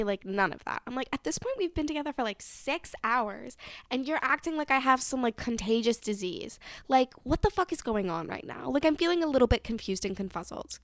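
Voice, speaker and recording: A woman's voice: medium pitch, dry recording, studio quality. A young woman telling a dating story in a chatty, giggly way, swearing often. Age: young adult. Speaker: vlogger. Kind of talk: casual storytelling.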